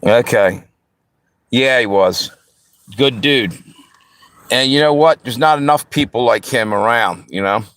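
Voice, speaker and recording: A man's voice: medium pitch, measured pace, pauses often, fairly bright tone. A man from the Pennsylvania and Delaware area, hosting a live stream and chatting casually with viewers in a rambling, easygoing way. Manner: easygoing, rambling, talks straight to the chat. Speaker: livestream host.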